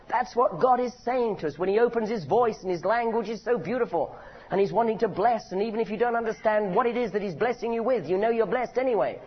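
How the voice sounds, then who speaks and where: A man's voice: high voice, breathy edge, lo-fi sound. A man preaching a sermon in a church meeting, telling stories with humor. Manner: animated, humorous storytelling.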